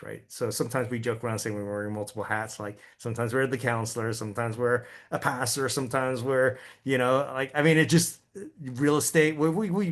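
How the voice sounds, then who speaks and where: A man giving a conversational training talk to real estate agents, chatty and often checking in with listeners, stumbling and repeating words as he goes. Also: mid-range voice. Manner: chatty, keeps asking "right?".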